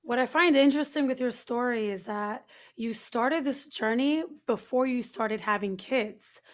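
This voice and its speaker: A woman hosting an interview podcast, reflecting thoughtfully on her guest's story. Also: on the high side. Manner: slow, reflective questioning. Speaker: podcast host. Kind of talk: casual interview.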